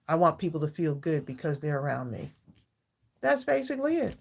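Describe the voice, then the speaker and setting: Woman, 60s, live-stream host: gravelly and lowish, heartfelt and chatty, laughs often. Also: sing-song, fairly quick. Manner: heartfelt, chatty, reads viewers' comments aloud and greets them by name; laughs often between thoughts. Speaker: livestream craft channel host. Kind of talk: casual live-stream chat with viewers.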